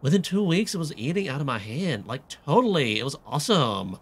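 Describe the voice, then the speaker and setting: A man's voice: a little high, very animated, a little fast, slightly rough, heavily acted. A man putting on a drawling valley-girl diarist. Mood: dreamy. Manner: drawling, peppered with "like, totally". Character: young woman diarist, dreamy valley girl turning southern belle. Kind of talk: reading in-game notes aloud in a put-on voice.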